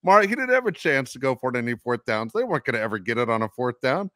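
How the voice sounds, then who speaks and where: A man's voice: medium pitch, fast talker. A man co-hosting a sports podcast, talking casually and acting out what fans would say. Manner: animated, acts out fans' voices. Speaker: podcast co-host.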